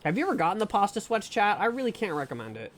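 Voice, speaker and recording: A live streamer narrates a tense game to viewers with a lively, wide-ranging voice. Nervous laughs break in as they swear and plead again and again. A faint hiss sits behind the talk. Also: mid-range voice, racing. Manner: self-narrating with anxious laughs. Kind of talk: live gameplay commentary.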